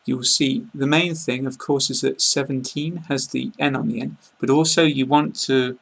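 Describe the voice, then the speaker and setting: This English teacher, a man speaking southern English received pronunciation, guides learners through pronunciation in an online class. The voice is mid-pitched, heavily gravelly, with some huskiness. His delivery stays level and unhurried, plain and calm, punctuated often by "um" and "uh."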